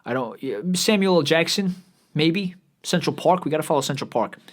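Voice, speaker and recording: A man's voice: on the high side, lively intonation, moderate pace. A man hosting a vlog, ranting in a profane, rambling, sarcastic way while scrolling social media. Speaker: vlog host.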